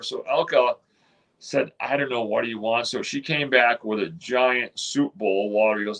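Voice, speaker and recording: A man's voice: medium pitch, steady tone, normal speed, vocal fry, fairly bright tone, poor audio. A man, telling a long story in a casual interview, rambling with many restarts and quoted dialogue. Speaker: interview guest.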